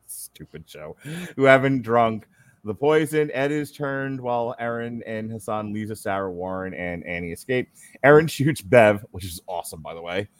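A man's voice: lowish voice, expressive, moderate pace, dry recording. A man hosting a podcast, reading a plot recap aloud and breaking off with wry, sarcastic asides. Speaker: podcast host.

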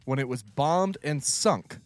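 A man hosting a podcast in casual chat, lively and laughing as he reads out trivia. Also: medium pitch, unhurried, soft background music. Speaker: podcast host.

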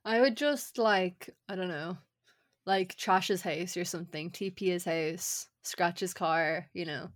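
Relaxed young woman, slightly low voice. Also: unhurried. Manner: relaxed, agreeable, loose filler-heavy speech. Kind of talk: casual chat.

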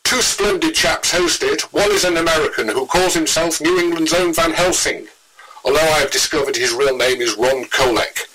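A man's voice: a little high, normal speed, pushed and bright, rough recording. A man doing a plummy old ghost hunter. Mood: genial. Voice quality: plummy, formal and theatrical. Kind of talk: comic radio intro skit.

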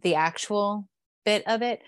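A woman's voice: medium pitch, a little slow, dry recording. A woman co-hosting a casual pop culture podcast, speaking frankly and opinionatedly, swearing now and then and laughing easily. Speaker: podcast co-host. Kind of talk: casual chat.

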